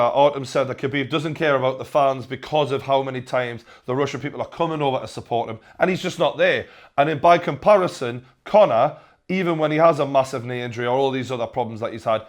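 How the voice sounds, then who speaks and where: A young man with a Geordie accent, hosting a comedic news rant with sarcastic, deadpan repeated punchlines. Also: mid-range voice. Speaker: host.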